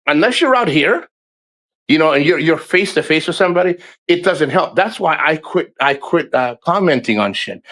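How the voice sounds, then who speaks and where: A man ranting on a casual livestream, blunt and heavy on swearing, rambling as he tells stories and acts out what people said. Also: fairly high pitch. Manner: animated storyteller who acts out quotes.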